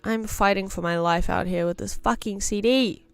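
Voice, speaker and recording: A woman's voice: medium pitch, moderate pace, vocal fry, clear, resonant tone, faint music behind. A young woman streaming as she draws, chatting casually, thinking aloud and playfully repeating words. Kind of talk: casual livestream chat while drawing.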